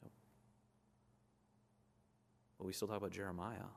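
A man's voice: low-pitched, little pitch movement, measured pace, gravelly. A man preaching a sermon in an earnest, conversational way, reading scripture aloud and explaining it.

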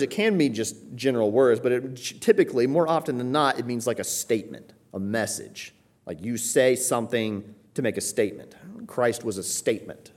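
Low-voiced man preaching a sermon. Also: a little mellow. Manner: explains Greek words with rhetorical "right?" asides. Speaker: pastor. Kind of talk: expository sermon.

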